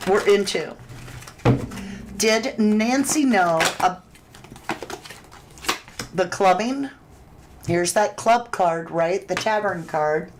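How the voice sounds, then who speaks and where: On a noisy recording, a woman with a mid-range voice hosts a live tarot reading. She works through viewers' questions in a chatty, conversational way, restarting often and leaning on fillers.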